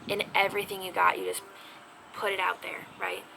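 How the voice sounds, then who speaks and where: A chatty woman teaches sign language casually at home, speaking briskly in a mid-range voice with a gravelly edge. She pokes fun at herself and occasionally whispers, while a constant layer of noise and a neighbor's faint music sit in the background.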